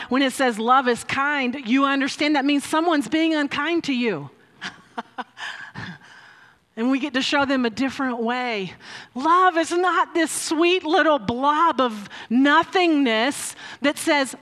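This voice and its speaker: A woman's voice: high voice, slow pace, a bit bright. A woman preaching a sermon into a microphone, telling stories with frequent laughs and emphatic rises. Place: church hall with a mic. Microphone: handheld or stand mic. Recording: long hall reverb.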